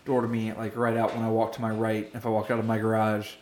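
A man's voice: lowish voice, monotone, quick pace, crowd noise. A man co-hosting a casual talk show, telling a rambling story and laughing often. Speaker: podcast co-host. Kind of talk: casual banter. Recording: roomy echo.

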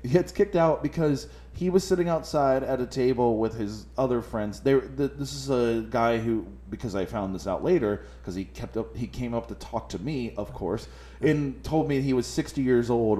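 Profane, animated man telling a story. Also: medium pitch, moderate pace. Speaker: podcast co-host telling a story. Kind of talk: casual chat. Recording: echoey room.

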